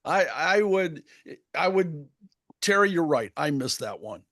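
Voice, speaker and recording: Animated storytelling man, higher voice. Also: measured pace. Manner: animated, acts out quotes with big pitch jumps. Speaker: retired baseball umpire. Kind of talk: casual storytelling chat.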